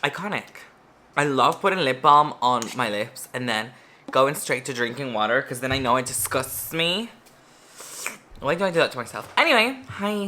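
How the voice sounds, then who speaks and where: Woman vlogger with a Spanish mother tongue, bright tone, swears freely and jokes at her own expense. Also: extremely low pitch, a little hiss or hum. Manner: chatty, profane, self-mocking jokes. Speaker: beauty vlogger. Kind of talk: casual get-ready-with-me storytime.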